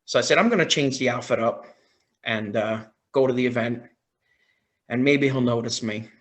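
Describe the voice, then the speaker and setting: A man on a podcast as a guest, telling a story in a casual, excited way, often quoting his own reactions. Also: medium pitch, moderate pace. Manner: excited, retelling with quoted reactions.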